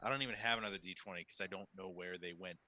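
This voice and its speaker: A man's voice: deep voice, rapid-fire, crowd noise. A man playing in a tabletop role-playing game, joking and chatting casually with the group. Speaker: player. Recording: noisy home mic with clicks.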